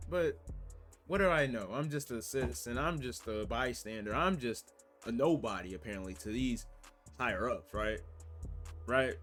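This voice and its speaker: Young man, from the US, mid-pitched voice, earnest rhetorical vlog talk, soft music underneath. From United States. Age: young adult. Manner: earnest, with rhetorical questions and "you know what I'm saying" asides. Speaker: vlogger. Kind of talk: casual opinion monologue.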